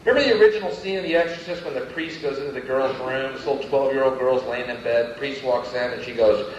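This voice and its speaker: A tired man doing a stand-up comedy set, ranting sardonically and with exasperation, with sudden shouted bursts. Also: mid-range voice, fast, distant mic, a little hiss or hum. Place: comedy venue stage. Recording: lo-fi audience bootleg, echoey venue. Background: audience and room ambience.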